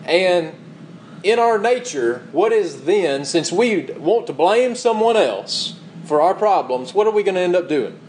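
A man's voice: sits high, animated, measured pace, darkish tone, slight background noise, rough recording. A man preaching a sermon, reading scripture aloud and asking rhetorical questions with emphatic repetition. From United States.

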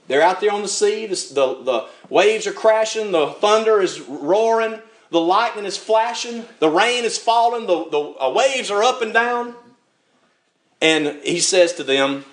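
An older man preaching a sermon, telling the story with lively acted-out voices and frequent chuckles. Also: high voice. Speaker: pastor.

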